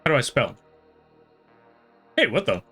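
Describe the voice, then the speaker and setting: A man live-streaming, giving playful, excitable play-by-play commentary and chatting with viewers in rambling asides. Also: medium pitch, unhurried, breathy edge, soft background music. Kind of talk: casual live-stream chat and race commentary.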